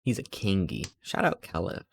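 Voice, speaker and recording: A man's voice: low-pitched, sing-song, normal speed, vocal fry, husky. A man streaming live, telling stories in a rambling, playful way and acting out quotes. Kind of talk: casual chat while streaming.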